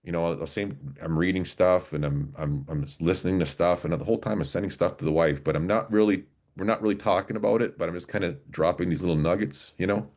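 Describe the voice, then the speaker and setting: A man in his forties, a podcast guest and former police officer, telling his story in an earnest, halting way with many restarts. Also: low-pitched, a little mellow. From Canada, Alberta. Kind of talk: casual storytelling interview.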